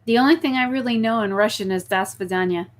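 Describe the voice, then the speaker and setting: A talkative young woman hosts a casual live stream, her voice sitting a little higher than most. She reads viewer messages aloud and launches into animated stories. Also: fast. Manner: chatty, reads viewer messages, talks to her pet snake in a soft baby voice.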